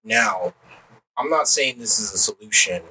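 A man co-hosting a podcast, giving reflective closing thoughts in a relaxed, slangy way. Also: medium pitch, a little slow, vocal fry. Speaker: podcast co-host. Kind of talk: casual chat. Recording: distant mic, faint background noise.

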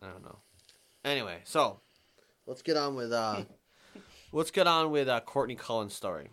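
A man co-hosts a podcast, talking quickly and casually. He swears freely and shifts into reading strange local stories aloud, with a mid-range voice. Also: mid-range voice, animated, a bit bright. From New England. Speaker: podcast co-host.

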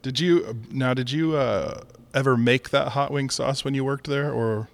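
A man's voice: medium pitch, steady tone, a little slow, creaky. A man co-hosting a podcast in casual chat, easygoing and laughing often. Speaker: podcast co-host.

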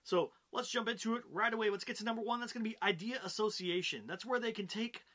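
A man hosting his own comedy-business show, chatting straight to his viewers. His voice sits a touch high for a man and rings bright and forward. He keeps checking in with the audience with quick "right?" and "you know" tags. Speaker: host of a show about comedy. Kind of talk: casual talking-head explainer.

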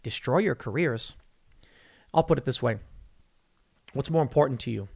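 A man's voice: medium pitch, moderate pace, vocal fry, darkish tone, slightly rough. A man giving opinionated political commentary, emphatic, firing rhetorical questions and mocking the people he quotes.

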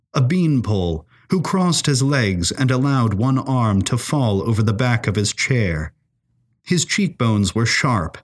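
A man narrating a serialized mystery story in an expressive, measured way. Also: mid-range voice, husky. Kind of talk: audio drama story narration.

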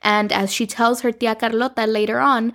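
A woman hosting a podcast, casually recapping a telenovela in a chatty, animated way, acting out lines as she goes. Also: a little high, normal speed. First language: Spanish. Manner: chatty, animated, acts out characters' lines in quotes.

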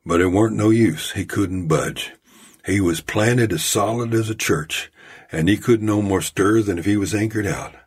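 A man's voice: fairly low pitch, normal speed, husky. A man voicing a rambling old storyteller from a mining camp, with a folksy, drawling manner. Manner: folksy drawling tall-tale telling.

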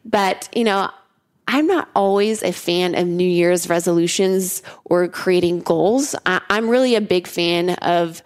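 A woman's voice: on the low side, a little slow, clear, resonant tone. A young adult woman, a fitness coach, talking earnestly in a casual podcast chat, often repeating herself and saying "you know".

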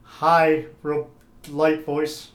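A woman's voice: low voice, monotone, extremely slow, roomy sound, distant mic. A woman giving short, matter-of-fact commentary on voices she hears in a recording.

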